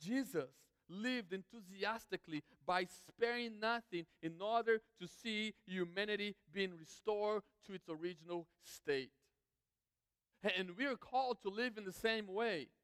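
A high, smooth-voiced man delivers an emphatic sermon, stacking lists and repeating key phrases. His voice rings with the long reverb of a large church hall. He speaks as the pastor to his congregation. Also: a little slow, fairly bright tone.

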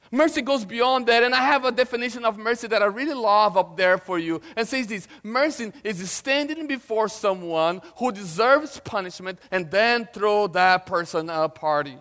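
A middle-aged male pastor preaching and telling a personal story, swinging between loud and hushed. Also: high-pitched, in a large hall.

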